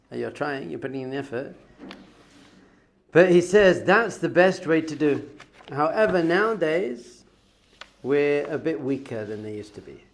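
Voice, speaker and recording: A man teaching as a rabbi in a lively class for young students, telling stories with acted-out exclamations and frequent laughs. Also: medium pitch, creaky, slight background noise. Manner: animated storytelling, acts out quotes with exclamations; chatty, laughs often.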